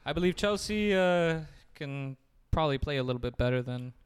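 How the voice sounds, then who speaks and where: A man's voice: on the high side, animated, normal speed, clean tone. A man co-hosting a casual sports podcast, rambling and jokey as he gives his football picks. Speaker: podcast co-host.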